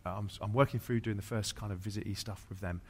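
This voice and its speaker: A man's voice: on the low side, fairly even intonation, fast, darkish tone. A man, a pastor, preaching through an anecdote, with many fillers and restarts. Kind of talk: sermon storytelling.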